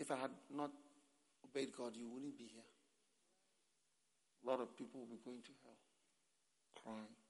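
A man preaching a slow, emotional sermon at a camp meeting, breaking into cries and laughter. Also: mid-range voice, breathy edge. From Ghana. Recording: long hall reverb.

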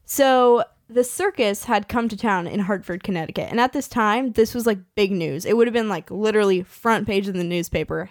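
A woman's voice: mid-range voice, fairly quick, few pauses, no room sound, studio quality. A woman in her twenties from California, hosting a podcast in a casual, chatty way with lots of fillers and laughs. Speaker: podcast host.

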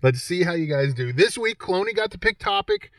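A man's voice: high voice, huge pitch swings, fairly quick, creaky, fairly bright tone, dry recording, studio quality, distant mic. A man hosting a game show segment on a sports podcast, joking and reading quiz questions aloud. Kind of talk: casual podcast banter.

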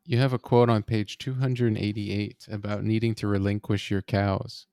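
A man hosting a podcast interview, asking brief, polite questions in a calm way. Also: on the low side, moderate pace, dry recording, clean studio sound. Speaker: podcast host.

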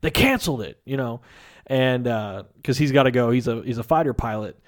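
A man's voice: mid-range voice, fairly even intonation, normal speed, a little mellow. A man casually discussing a film on a podcast, rambling and laughing often. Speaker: podcast co-host.

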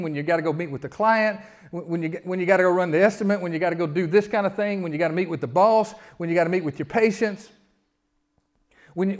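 A middle-aged man preaching a sermon in a church, conversational, moving between loud emphasis and quiet asides. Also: high-pitched. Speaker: pastor. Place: church sanctuary.

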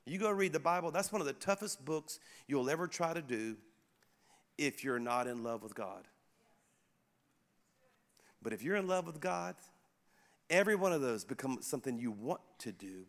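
Middle-aged pastor preaching in an echoey hall. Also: male voice, fairly high pitch, normal speed. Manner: animated, conversational, addresses the congregation directly. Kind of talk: sermon.

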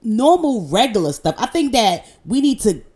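Brief: female podcast co-host, animated, playfully assertive banter. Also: fairly high pitch, normal speed, breathy edge. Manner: laughing, lively, playfully assertive. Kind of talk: casual couple's podcast chat.

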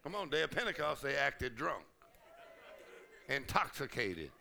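A man preaching a sermon at a conference, exuberant, often laughing and shouting out. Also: mid-range voice, big pitch swings, a little slow, gravelly. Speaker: pastor. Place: conference hall. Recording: crowd heard in a hall.

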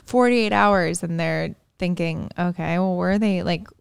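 A woman in her thirties co-hosting a podcast, telling stories in a chatty, animated way. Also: fairly low pitch, normal speed, creaky, clear, resonant tone, no room sound. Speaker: podcast co-host. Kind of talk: casual chat.

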